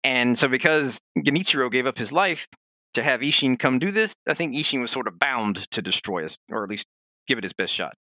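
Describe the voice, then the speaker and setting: A man co-hosting a casual podcast, chatting in an animated way with many fillers and restarts. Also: medium pitch, fairly quick, no room sound, phone-quality sound. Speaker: podcast co-host.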